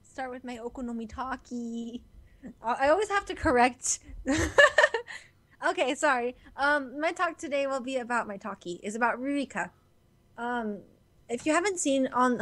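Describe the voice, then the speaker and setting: A woman co-hosting a casual fan podcast, giggly and animated, quick to laugh. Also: fairly high pitch. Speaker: podcast co-host.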